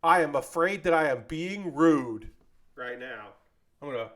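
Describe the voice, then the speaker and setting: A man's voice: fairly high pitch, moderate pace. A man chatting casually with his live-stream audience while building a model kit, rambling and joking as he goes. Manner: rambling, animated, jokey, talks to chat.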